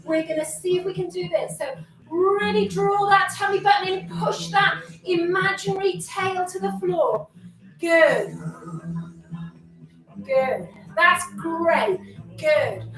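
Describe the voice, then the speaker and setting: A woman fitness instructor with an extremely high, fairly bright voice speaks slowly as she coaches a live online exercise class from a room at home. Slightly out of breath, she gives encouraging cues, countdowns and chatty asides, recorded far from the mic with roomy echo and faint music.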